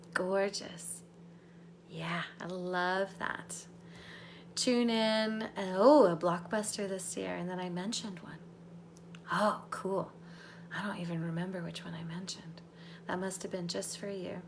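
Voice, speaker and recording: A woman's voice: lowish voice, steady tone, takes it slowly, slight background noise. A woman life coach talking viewers through a guided visualization and chatting with them live. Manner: bubbly, laughs often with viewers.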